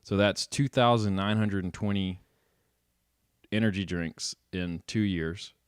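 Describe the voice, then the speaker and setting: Low voiced southern dude on a podcast, wry jokes, dry close mic. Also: male voice, unhurried, smooth, no room sound. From American South. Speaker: podcast co-host. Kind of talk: casual chat.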